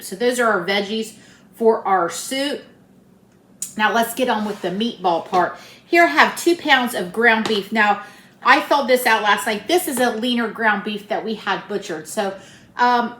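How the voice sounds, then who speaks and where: A woman's voice: mid-range voice, pushed and bright. A woman chatting folksily to viewers while cooking in her home kitchen. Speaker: cooking vlogger. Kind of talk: casual cooking chat. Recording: roomy kitchen with air-conditioner hum. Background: central air running.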